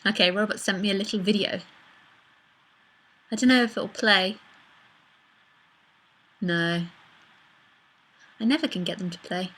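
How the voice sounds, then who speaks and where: A middle-aged woman leads a live online talk as a spiritual teacher and answers viewer messages. Her voice is bright and clear. She speaks bluntly and casually, laughing often. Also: medium pitch, unhurried, pauses often, poor audio.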